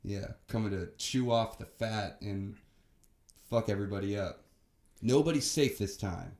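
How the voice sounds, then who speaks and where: A man's voice: lowish voice, a little slow, darkish tone. A young man co-hosting a podcast in casual chat, ranting heatedly and swearing a lot. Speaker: podcast co-host.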